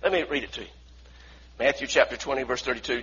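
A man preaching a sermon in an animated way, acting out the voices of the people in the story. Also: mid-range voice, fast, breathy edge. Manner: animated, acts out voices from the story, asks the congregation to repeat. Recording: dull lo-fi recording.

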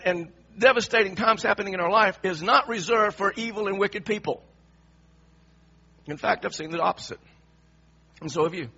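Animated, high-voiced preacher, husky and bright. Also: male voice, highs cut off. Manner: animated, emphatic, questioning the audience. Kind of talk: sermon.

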